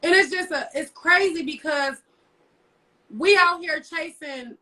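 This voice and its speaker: A woman's voice: very high voice, unhurried, sharp tone, recorded from a distance, rough recording. A woman co-hosting a casual live stream, telling stories in a blunt, profane rant. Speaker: co-host. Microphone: phone livestream.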